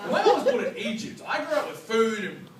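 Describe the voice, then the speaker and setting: A man with an Australian accent performing live stand-up comedy, telling stories in a rambling, animated way with a lot of "like". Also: extremely high pitch, brisk. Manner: animated, rambling, heavy use of "like". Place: comedy club bar stage. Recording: roomy live club from a distance. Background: loud audience laughter and crowd noise.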